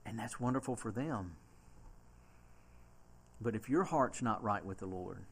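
With a Southern US accent, a man preaches as a pastor, slowly reading scripture aloud. His voice alternates between a soft, low register and loud, emphatic preaching.

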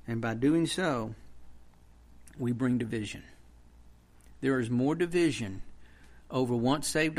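A man preaching a sermon in an earnest way, with emphatic bursts that rise in force. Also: mid-range voice. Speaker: pastor.

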